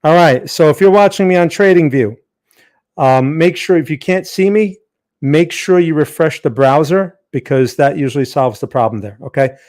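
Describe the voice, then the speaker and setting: Chatty male stream host, slightly high voice. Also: moderate pace, a little mellow. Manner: chatty, greets viewers by name, frequent fillers and restarts. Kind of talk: casual live-stream talk.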